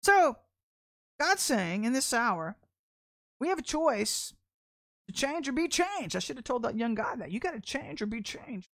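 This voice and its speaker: A woman's voice: a little high, big pitch swings, unhurried, pauses often, fairly bright tone. Chatty, laughing woman minister telling stories. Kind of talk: candid storytelling sermon.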